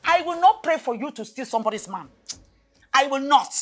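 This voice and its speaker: A woman with a Nigerian accent playing a stern, preachy mother who scolds and shouts at her daughter in a film drama. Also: high-pitched, lively intonation, brisk, soft background music. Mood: shouting.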